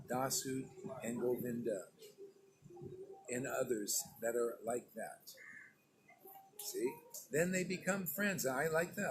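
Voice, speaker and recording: A man's voice: fairly high pitch, slight background noise, poor audio. A man giving an informal sermon to his disciples as their spiritual teacher, emphatic and stern, talking in a conversational way and often asking "see?".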